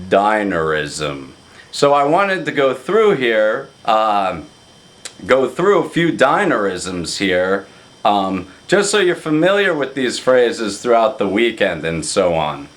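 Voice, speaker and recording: Man, wedding toast, slow, hesitant, lowish voice. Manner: halting, with many fillers and restarts. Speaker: best man giving a toast. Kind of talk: rehearsal dinner toast.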